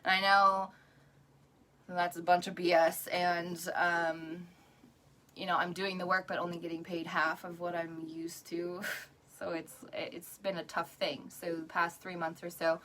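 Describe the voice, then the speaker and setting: Tearful woman with a bright voice. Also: fairly low pitch, flat delivery, a little slow, distant mic, slight background noise. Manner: earnest, encouraging, breaks into little laughs. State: tearful, crying. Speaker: direct sales rep. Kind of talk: emotional live video to a group.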